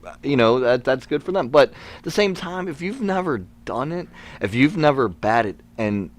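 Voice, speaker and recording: A man's voice: mid-range voice, animated, normal speed. A man, a guest, talking earnestly and repeating himself with restarts. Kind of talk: casual chat.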